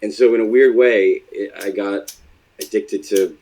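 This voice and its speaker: Deep, husky man speaking hesitantly. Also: steady tone, darkish tone, poor audio. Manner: halting, hesitant, with many fillers. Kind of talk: reflective interview answers.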